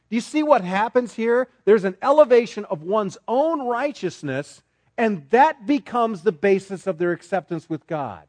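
A man's voice: sits high, lively intonation, normal speed, darkish tone, no room sound. A man preaching a sermon to a congregation, emphatic and full of rhetorical questions, often restarting his words. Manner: frequent repeated restarts. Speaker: pastor.

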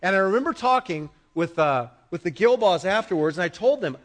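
A middle-aged male pastor preaching in a church, swinging from loud proclaiming to quiet asides with the congregation. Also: sits high, lively intonation, brisk. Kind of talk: sermon. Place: church sanctuary. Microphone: microphone.

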